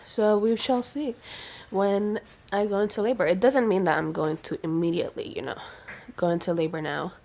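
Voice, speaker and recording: A young woman vlogging casually about her pregnancy, chatty and excitable, full of fillers. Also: mid-range voice, normal speed.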